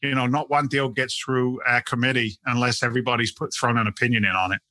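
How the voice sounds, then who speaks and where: Fast-talking and forceful, a middle-aged English guest in a casual interview, a real estate investment CEO, has a bright mid-range voice with fairly even intonation and no room sound. His London-American accent comes through as he animatedly restarts sentences, often repeating words.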